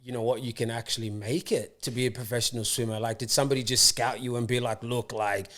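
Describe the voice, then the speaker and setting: A man hosting a casual interview, eagerly chiming in with yeahs and quick follow-up questions. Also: medium pitch, level tone, fairly bright tone. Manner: eager, with constant backchannel yeahs. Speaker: podcast host.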